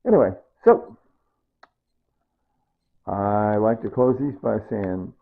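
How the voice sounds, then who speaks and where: Rambling gravelly man, tinny phone-like sound. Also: lowish voice, takes it slowly. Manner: rambling, repeats himself. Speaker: home cook. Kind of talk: casual rambling cooking talk.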